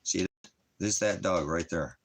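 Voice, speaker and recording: A middle-aged man with a very deep, low voice talks loosely and at length, circling back over his points. The recording carries a faint noise underneath. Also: normal speed, creaky, fairly bright tone. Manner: rambling, repeats himself, lots of "you know". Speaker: ministry vlogger. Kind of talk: casual chat.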